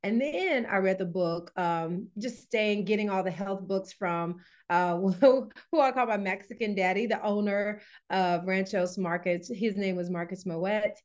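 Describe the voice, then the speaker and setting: A woman's voice: medium pitch, unhurried, hardly any pauses. Woman, podcast guest, wellness coach, chatty storyteller, casual interview. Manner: lively storyteller, laughs often, many fillers.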